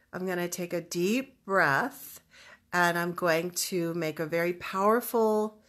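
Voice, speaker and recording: A woman spiritual teacher guiding listeners through a calm energy exercise, speaking slowly and stressing spoken declarations. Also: lowish voice. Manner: slow, soothing, emphatic declarations. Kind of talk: guided energy practice instruction. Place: home, livestreamed online event. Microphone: webcam or computer mic.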